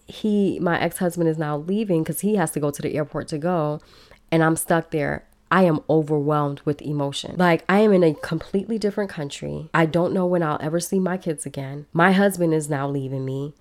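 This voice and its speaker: Woman with a low voice, podcast host, chatty personal story, talks right to her listeners. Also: brisk. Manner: casual and chatty, addresses listeners directly.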